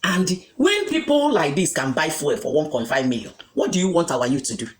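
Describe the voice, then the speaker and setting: A woman with a Nigerian accent speaks straight to her followers. Her voice sits a little low but leaps around animatedly, and she drives each point home with repetition and pointed questions. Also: very animated, fairly quick. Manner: emphatic, repeats points, rhetorical questions. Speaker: vlogger reacting to news. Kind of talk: opinionated commentary in Pidgin and Igbo.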